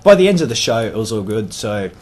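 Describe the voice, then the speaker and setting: An Australian man guesting on a podcast tells wrestling stories in casual chat, swearing freely and leaning on lots of fillers in his animated retelling. His voice is lowish and he talks fast.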